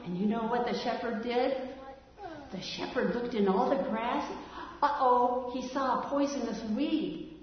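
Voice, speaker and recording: Slow, high-voiced woman telling a child a story. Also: slight background noise. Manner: gentle, coaxing, asks the child to join in. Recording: echoey room from far off, dull sound.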